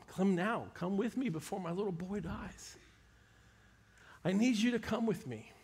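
A man preaching a sermon, retelling scripture with animated, emphatic storytelling. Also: fairly high pitch.

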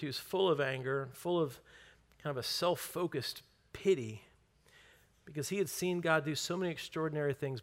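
A man's voice: a little high, fairly bright tone. Joking, conversational preacher man. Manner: conversational, joking, drawn-out stresses. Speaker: pastor. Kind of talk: sermon.

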